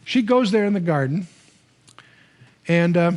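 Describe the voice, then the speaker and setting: High-voiced older man teaching the Bible. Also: measured pace. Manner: conversational, animated storytelling with restarts. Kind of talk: Bible teaching lecture to a live audience.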